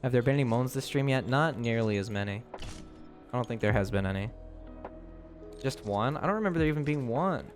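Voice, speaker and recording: A male streamer talks casually with his live chat, rambling and giggling and often tripping over his words. His voice sits at an ordinary middle pitch. Soft music plays faintly behind him. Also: animated, fairly quick, long pauses. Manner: giggly, rambling, breaks into high laughing shrieks.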